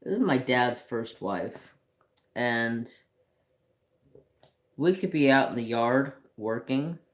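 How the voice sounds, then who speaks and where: Man, craft vlog host, slow drawling pace, rambling casual chat, works on a canvas while talking. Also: medium pitch, expressive. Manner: slow, rambling storytelling with restarts.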